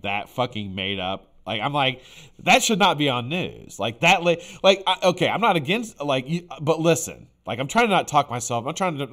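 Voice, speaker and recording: A man's voice: mid-range voice, a bit bright. A man hosting a live stream in casual chat, rambling and blunt, with frequent fillers and some swearing. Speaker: livestream host.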